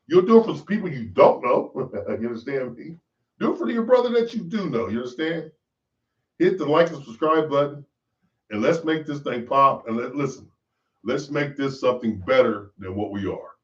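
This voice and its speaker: A man hosts a podcast in a loud, preachy rant full of profanity. His pitch leaps up and down as he pushes his points. The sound is dull and lo-fi, picked up from a distance in a roomy space. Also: expressive, normal speed. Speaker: podcast host. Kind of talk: ranting monologue.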